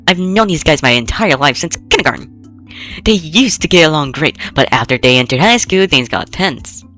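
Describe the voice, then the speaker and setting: A woman's voice: low-pitched, animated, normal speed, a bit bright, soft background music. A woman voicing an upbeat teenage girl in a visual novel, eager and pleading as she asks a friend for help. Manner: bubbly, pleading.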